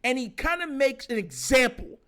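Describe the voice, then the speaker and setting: A man hosting a sports talk show, giving animated casual reaction commentary and laughing often. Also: very high-pitched, normal speed, clear, resonant tone. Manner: animated, excitable, laughs often, mimics players.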